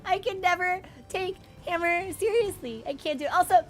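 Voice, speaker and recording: Streaming a video game live, a woman with a very high-pitched voice chats and rambles with her viewers at a moderate pace, laughing readily. She uses headphones with a wired mic, and faint music plays underneath.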